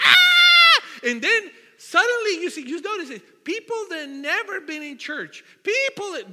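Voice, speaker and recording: A man preaching a sermon, telling the story in an animated way, asking the congregation questions and often restarting his sentences. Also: extremely high pitch. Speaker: pastor. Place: church hall. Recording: long hall reverb.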